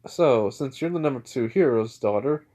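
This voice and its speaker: A man's voice: medium pitch, lively intonation, normal speed, mellow, natural voice. A man voicing a cocky teenage boy hero with fire powers, smug, offhand and taunting in a near-everyday voice.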